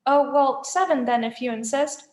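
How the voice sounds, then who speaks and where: A woman voicing a nervous young satyr who speaks in a flustered falsetto. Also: moderate pace, close to an everyday voice. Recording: echoey room.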